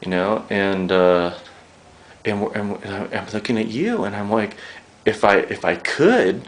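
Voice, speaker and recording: A man's voice: on the low side, expressive, unhurried. A young man interviewing a guest, rambling, joking and swearing freely as he gets emotional.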